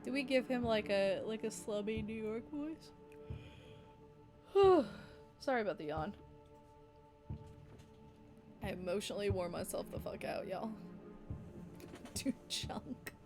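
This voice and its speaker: A woman's voice: medium pitch, expressive, slow pace, pauses often, music in the background. Casual woman streamer narrating a game. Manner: casual, swears, laughs between lines. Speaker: streamer reading a story game.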